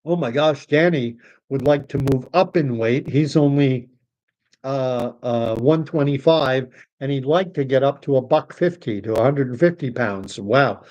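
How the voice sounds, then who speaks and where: A man's voice: medium pitch, a little slow, a little mellow, dull audio. Middle-aged Canadian man, livestream host, rambling casual monologue, sarcastic asides. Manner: rambling, with sarcastic mock quotes.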